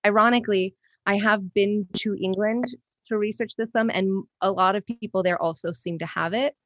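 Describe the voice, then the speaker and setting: Deadpan woman guest, dry close sound. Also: medium pitch, moderate pace, no echo, muffled recording. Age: 30s. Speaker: podcast guest. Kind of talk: improvised comedy podcast.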